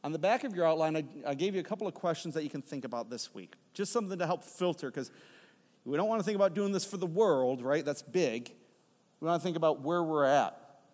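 Man preaching, fairly high voice, lively storytelling, joking with the congregation, long church reverb. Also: fast talker. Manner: animated storytelling, playful asides to the congregation. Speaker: pastor. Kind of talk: sermon. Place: church sanctuary.

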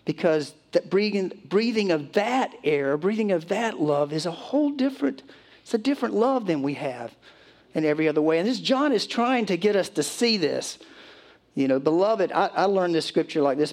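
His voice is a little high and a little mellow: a middle-aged man giving a sermon. He reads from scripture in a slow, deliberate way, then talks with the congregation in a more conversational tone.

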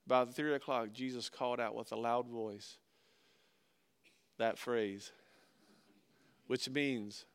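A pastor with a smooth, medium-pitched voice preaches and reads scripture aloud. He earnestly alternates between loud emphasis and quiet, slowed-down phrases.

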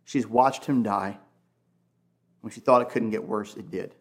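A man's voice: on the low side, steady tone, unhurried. A male pastor preaching in a conversational, emphatic way, full of casual asides. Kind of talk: sermon.

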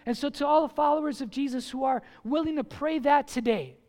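A man's voice: extremely high pitch, fairly quick, a little mellow. A man preaching a sermon as pastor in a church, emphatic and full of rhetorical questions.

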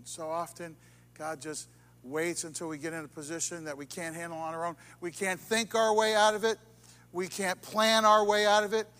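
Animated male pastor preaching in a hall. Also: fairly high pitch. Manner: dramatic swings from loud emphasis to hushed near-whispers. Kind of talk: sermon. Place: church sanctuary.

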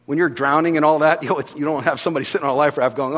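A man preaching a sermon as pastor, telling stories with animation and swinging between hushed and loud delivery. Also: on the high side, rapid-fire, hardly any pauses. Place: church hall. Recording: long reverb of a large hall.

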